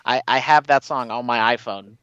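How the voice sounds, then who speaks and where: A man's voice: mid-range voice, fairly even intonation, normal speed, fairly bright tone, smooth, dry recording, highs cut off. A man co-hosting a casual wrestling podcast, talking in long, opinionated runs full of "you know". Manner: rambling, opinionated, many you-knows. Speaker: podcast co-host.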